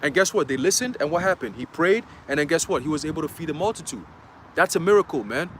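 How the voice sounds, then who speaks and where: Brief: man, high voice, laid-back street-style preacher, faint traffic behind. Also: animated, fast talker, fairly bright tone. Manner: conversational, filler-heavy, reads scripture aloud. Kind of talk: livestream sermon, casual street talk.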